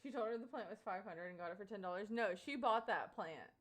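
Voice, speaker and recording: A young woman live streamer speaks quickly at medium pitch, casually telling a story to her chat. She's animated throughout, laughing often and using many fillers like "um" and "like."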